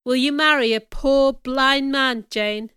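A woman reading aloud, voicing a blind older gentleman with gruff, urgent questions in a bright, clear voice. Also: high voice, slow, dry recording, studio quality, voice pushed up, heavily acted.

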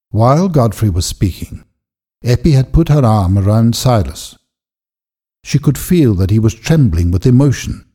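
A man narrating a storybook in a measured, expressive reading. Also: medium pitch.

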